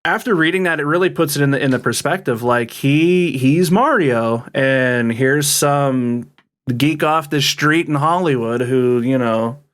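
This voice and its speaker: A man's voice: medium pitch, unhurried, fairly bright tone. A man in his thirties co-hosting a casual podcast, talking in a chatty, rambling way. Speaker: podcast co-host.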